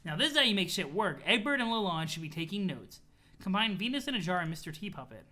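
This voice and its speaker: A streamer casually chatting with viewers and reading a webcomic aloud, in an animated, chatty way with casual swearing. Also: medium pitch, fast. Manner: thanks chat followers, talks to viewers.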